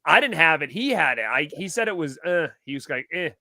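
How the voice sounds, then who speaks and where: A man in his thirties hosting a casual podcast chat, telling stories with lively acted-out quotes. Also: a little high, a little fast, creaky. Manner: animated storytelling, acts out quotes. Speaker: podcast host.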